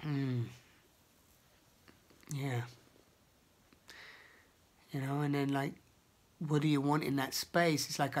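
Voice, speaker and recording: Man venting in a rambling outdoor vlog. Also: medium pitch. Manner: rambling, emotional, swears often, shouts in bursts. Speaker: vlogger. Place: outdoors in nature.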